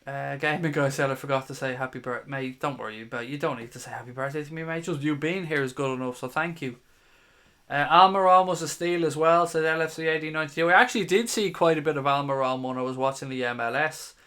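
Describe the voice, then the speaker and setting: A man's voice: fairly high pitch, fast talker, a bit bright, clear, resonant tone. A man in his thirties hosting a live stream, casually reading viewer comments aloud in a chatty, matey way and swearing now and then. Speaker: fan channel host.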